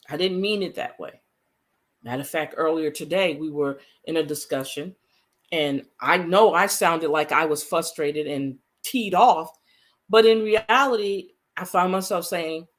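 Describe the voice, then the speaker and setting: Earnest woman talking casually to viewers. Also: lowish voice. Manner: earnest, conversational, repeats points for emphasis. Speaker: vlogger. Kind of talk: casual talk to camera.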